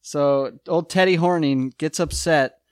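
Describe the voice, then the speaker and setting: A man's voice: fairly high pitch, unhurried, clear, resonant tone, no room sound, studio quality. A man co-hosting a casual movie recap chat, joking and acting out quoted lines. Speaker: podcast co-host.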